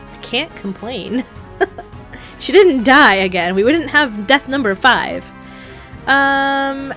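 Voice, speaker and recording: A woman's voice: on the high side, fairly bright tone. Chatty young woman playing a game. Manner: chatty, giggly, thinking aloud. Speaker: gameplay streamer. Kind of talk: casual gameplay commentary.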